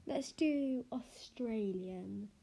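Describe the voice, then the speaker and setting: A woman's voice: fairly high pitch, very slow, creaky, dark tone, slightly rough, rough recording. A young woman hosting a casual podcast chat over a video call, giggly and teasing. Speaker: podcast host.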